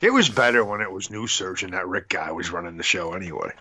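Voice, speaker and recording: A man's voice: sits low, fast, sharp tone. A man co-hosting a wrestling podcast, talking bluntly and scoffing. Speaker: podcast co-host. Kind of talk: casual podcast rant. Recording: dull lo-fi sound.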